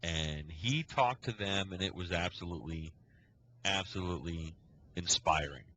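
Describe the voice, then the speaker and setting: This scoutmaster's voice sits low, pushed and bright, at a moderate pace as he meanders through a long story on a casual podcast. He voices the quoted dialogue himself, and the poor audio has slight background noise.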